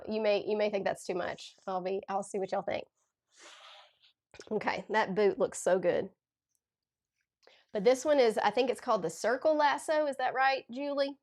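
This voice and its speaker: A woman's voice: medium pitch, darkish tone. Southern Tennessee woman, forties, with a cold, hosting a crafting livestream, gushy and chatty, reads out comments. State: has a cold. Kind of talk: casual livestream chat while demonstrating card making.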